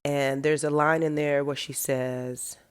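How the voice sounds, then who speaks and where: A woman's voice: sits low, little pitch movement, a little slow, clear, resonant tone. Reflective middle-aged woman, podcast host. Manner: reflective, heartfelt, talks through her thoughts. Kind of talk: candid solo podcast monologue.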